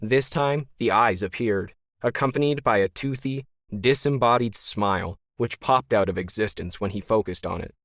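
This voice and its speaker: Wry, deadpan male narrator. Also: on the low side, moderate pace, hardly any pauses, no room sound, studio quality. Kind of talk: scripted narration.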